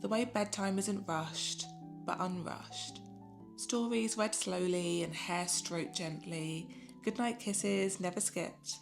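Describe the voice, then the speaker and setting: A mother gives a scripted, reflective voice-over about motherhood, speaking in a gentle, unhurried and soothing way. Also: on the low side, creaky. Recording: voice-over with music playing underneath.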